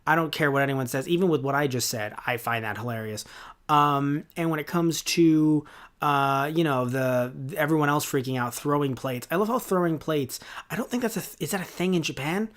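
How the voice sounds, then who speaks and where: A man's voice: a little high, fairly quick, fairly bright tone. A man in his twenties hosting a podcast, giving a casual review in a rambling, sarcastic way with lots of fillers and restarts. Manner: rambling and sarcastic, with many fillers and self-corrections. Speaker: podcast host.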